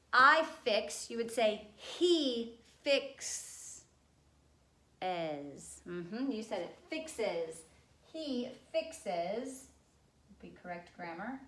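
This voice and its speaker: A woman's voice: on the high side, reverberant. Patient woman teaching a spelling lesson. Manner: patient, spells words out letter by letter. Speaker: second grade teacher. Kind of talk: spelling lesson for young children.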